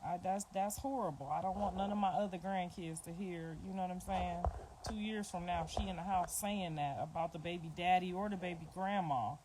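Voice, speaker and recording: A middle-aged woman speaks in a lowish voice, chatting bluntly and informally to her viewers on a phone livestream. She circles back to the same points again and again. Clear clicking noise sits behind her voice. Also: a little fast, hardly any pauses. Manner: blunt, repetitive, informal talk. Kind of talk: casual livestream chat.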